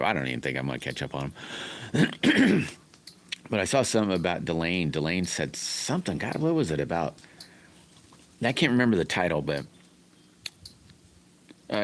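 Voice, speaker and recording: A man's voice: very deep voice, fairly bright tone. A middle-aged man, rambling in a folksy way as he hosts a casual livestream and greets viewers by name. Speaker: livestream host chatting with viewers.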